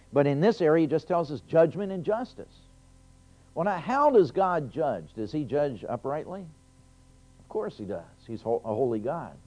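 A man's voice: fairly high pitch, dark tone. A man preaching a sermon, reading scripture aloud and stressing key phrases, with frequent restarts. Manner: emphatic, rising on key phrases, with many restarts. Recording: lo-fi dull recording.

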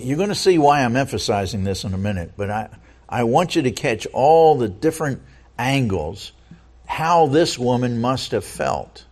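Reading from scripture during a sermon, a preacher with a mid-range, somewhat dark voice asks his audience earnest rhetorical questions. His delivery frequently stumbles, with repeated words.

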